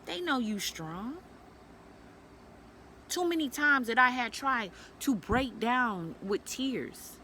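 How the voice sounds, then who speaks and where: A woman speaks straight to her viewers in a bright, sharp voice that sits a little high. She tells her story bluntly and profanely, then turns to lecture other women. A faint hiss runs under the recording. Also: animated, slow. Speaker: vlogger sharing a personal story. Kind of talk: candid storytelling vlog.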